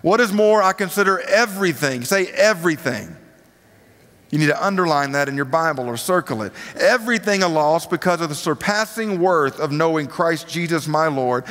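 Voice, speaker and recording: High-voiced preacher in a reverberant hall. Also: male voice, fairly bright tone. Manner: casual, rhetorical questions to the audience. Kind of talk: conversational sermon. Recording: long reverb of a large hall.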